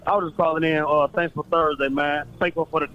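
A man's voice: a little high, flat delivery, fast talker, muffled recording. A man calling in to a radio show, telling a story in a laid-back way, chuckling and saying "man" a lot. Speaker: caller. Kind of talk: phoned-in storytelling.

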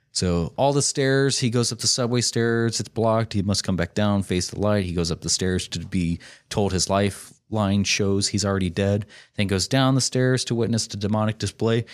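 A man with a low voice hosts a relaxed film podcast. He explains symbols at length, drifting into small asides and then picking the thread back up. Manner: thoughtful, explanatory, rambling asides. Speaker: podcast host reviewing a film. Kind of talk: casual podcast discussion.

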